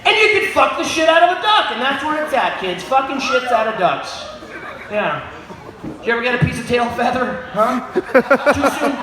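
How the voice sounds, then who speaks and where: A man doing a crude, crowd-baiting stand-up set on a pub stage, often shouting at the audience. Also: very high-pitched, very animated, normal speed. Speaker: stand-up comedian. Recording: echoey room with crowd noise.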